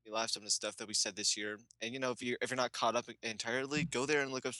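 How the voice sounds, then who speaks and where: A man's voice: medium pitch, fairly even intonation, very fast, bright, forceful tone, no echo. A man co-hosting a wrestling podcast, chatting casually and rambling through his plugs, restarting sentences and laughing at his own slips. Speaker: co-host.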